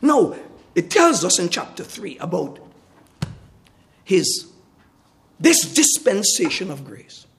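A man's voice: high voice, sing-song, slow pace, long pauses. A man preaching a sermon, fervent and emphatic, at times dropping his voice almost to a whisper. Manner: fervent, emphatic, with dramatic drops to near whisper.

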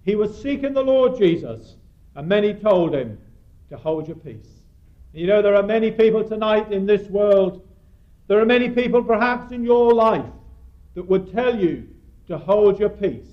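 A man preaching an evangelistic sermon, earnest and pleading, his voice rising for emphasis and dropping low at key words. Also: expressive, normal speed. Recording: dull lo-fi recording.

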